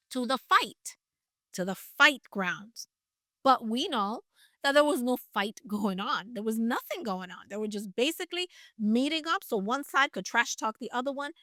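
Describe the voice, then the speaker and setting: Chatty higher-voiced woman retelling scripture. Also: a bit bright, dry recording, clean studio sound. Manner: chatty, playful asides. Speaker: Bible teacher. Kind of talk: casual Bible story retelling.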